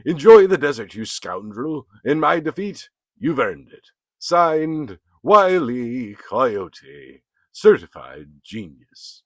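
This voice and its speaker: A man's voice: mid-range voice, sing-song, slow pace, no room sound, voice pushed up. A man voicing a pompous male cartoon coyote who calls himself a genius, delivering a theatrical performance poem. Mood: defeated. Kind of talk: performance poetry. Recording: dull, dry recording.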